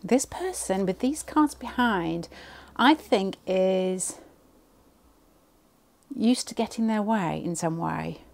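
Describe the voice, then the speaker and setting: A woman with a gravelly, darkish, mid-pitched voice reads tarot at home for a pick-a-card video, with lively intonation and a slow pace. Her reading rambles as she thinks aloud. She keeps cutting herself off and restarting what she was saying.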